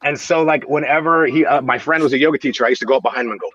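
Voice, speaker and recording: A man's voice: fairly high pitch, steady tone, very fast, a bit bright, highs cut off, a little hiss or hum. A man, a voice actor, telling a funny story casually and laughing often. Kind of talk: casual anecdote.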